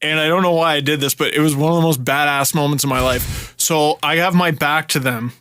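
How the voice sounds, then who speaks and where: A man in his thirties from Canada, a podcast host telling a story in a casual, animated way, swearing freely and shouting the lines he quotes. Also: on the high side, fairly quick, slight background noise.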